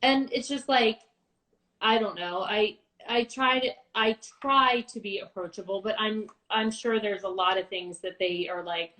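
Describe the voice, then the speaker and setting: A woman's voice: medium pitch, fairly even intonation, normal speed, fairly bright tone, a little hiss or hum, poor audio. A middle-aged woman chatting candidly as a guest about being a mother, reflective and a little wry. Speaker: guest, mother of two daughters. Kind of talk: casual livestream chat.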